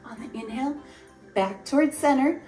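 Cheerful woman yoga teacher, high voice. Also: normal speed, mellow. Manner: cheerful, encouraging, sings cues. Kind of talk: guided kids' yoga with singing. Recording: roomy, mic at a distance, music underneath.

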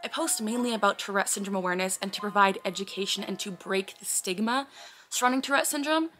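A woman vlogger talks casually to the camera in a bright, clear tone at an ordinary middle pitch. She explains things earnestly, often breaking off with sudden blurted words and sighs. Faint music plays behind her. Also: fast talker.

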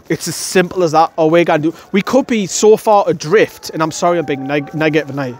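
Young man, furious fan reaction outdoors, blunt and sweary, voice sits a touch high. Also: fast, few pauses. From North East England. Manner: angry, blunt, swearing, repeats himself. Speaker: fan channel presenter. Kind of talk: post-match fan reaction. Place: outdoors outside a stadium, wet weather.

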